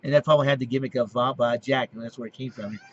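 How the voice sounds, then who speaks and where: A man in his late thirties talks casually as a video host, rambling, restarting his sentences and clearing his throat. The recording is dull and lo-fi with a faint hiss behind him. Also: medium pitch, steady tone, fast, fairly bright tone. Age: 30s. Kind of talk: casual monologue to camera. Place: basement.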